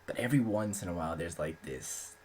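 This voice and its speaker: A young man who is an aspiring author hosts his own channel, chatting casually in a loose, rambling way packed with filler words and offhand swearing. His voice is low, a little mellow and a little fast, with a slight hiss or hum in the background.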